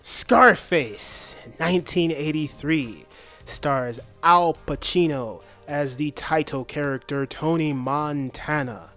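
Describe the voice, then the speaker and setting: A man's voice: fairly high pitch, takes it slowly, fairly bright tone, soft background music. Enthusiastic man reviewing a film. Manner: enthusiastic, plain-spoken. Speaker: movie reviewer. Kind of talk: video review narration.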